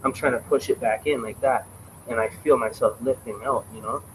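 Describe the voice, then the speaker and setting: A man's voice: mid-range voice, steady tone, a little fast, slight background noise, low-quality recording. Man in his twenties telling a story. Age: 20s. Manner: rambling, emphatic, swears freely. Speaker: livestream host. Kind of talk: casual livestream storytelling.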